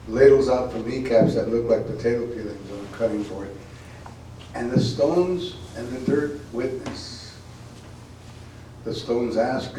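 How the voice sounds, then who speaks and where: At a college event, a poet with a warm, mid-range voice first chats loosely, repeating words, then launches into an intense, emphatic reading of his poem. The room is echoey, his voice comes from far away, and there's slight background noise.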